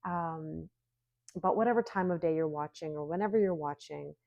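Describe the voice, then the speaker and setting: A woman's voice: low voice, moderate pace, gravelly, no room sound, highs cut off. A woman doing a solo tarot reading, chatty and giggly, musing aloud with lots of hmms. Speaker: tarot reader.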